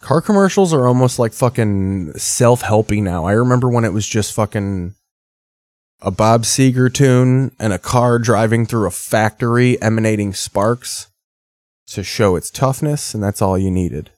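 A man's voice: on the low side, a little slow, darkish tone, dry recording. A man in his thirties doing casual, profane, rambling commentary while reacting to TV. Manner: rambling, sardonic storytelling. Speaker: streamer reacting to TV.

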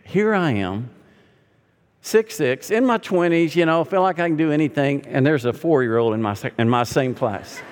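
Middle-aged male pastor, chatty and humorous, a bit high-voiced, preaching in a reverberant sanctuary. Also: normal speed, smooth. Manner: storytelling with humor, lively and conversational. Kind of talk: sermon. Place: large hall or sanctuary. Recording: long hall reverb.

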